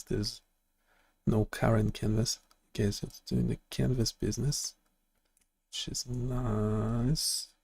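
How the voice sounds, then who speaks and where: A man's voice: lowish voice, creaky, warm tone, breathy edge, dry recording. A man hosting a live coding stream, thinking aloud and giving instructions to an AI assistant.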